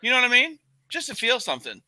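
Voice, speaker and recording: A man co-hosting a podcast in casual chat, joking and animated, with frequent swearing. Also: very high voice, fast, no room sound. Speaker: podcast co-host.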